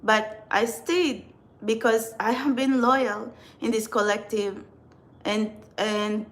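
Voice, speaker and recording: Earnest Filipina woman, higher voice. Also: steady tone, slow. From Philippines. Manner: rambling, earnest, with many restarts. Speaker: tarot reader and spiritual channeler. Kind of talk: casual talk to camera.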